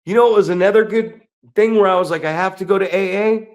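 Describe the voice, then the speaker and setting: A middle-aged pro wrestler talks fast in a high voice as he co-hosts a wrestling podcast. The chat is casual, but he rants bluntly and swears plenty.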